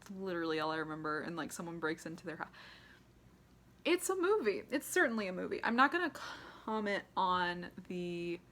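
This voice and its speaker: Young woman, lowish pitch, offhand sarcastic movie-review chatter with frequent laughs. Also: very animated, a little fast, fairly bright tone, a little hiss or hum. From United States. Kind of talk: casual ranking commentary.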